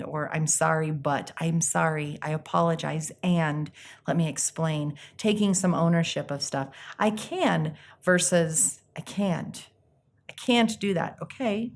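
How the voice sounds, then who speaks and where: A woman life coach giving an earnest, reflective self-help talk, pausing often and acting out little quotes. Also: sits low. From United States.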